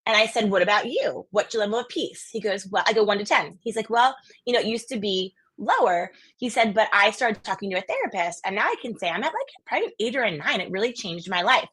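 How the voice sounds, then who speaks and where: A woman's voice: medium pitch, lively intonation, fast talker, fairly bright tone, husky. A woman from the US East Coast, a podcast guest, chatting casually and telling stories energetically with lots of quoted voices. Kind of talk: casual interview chat.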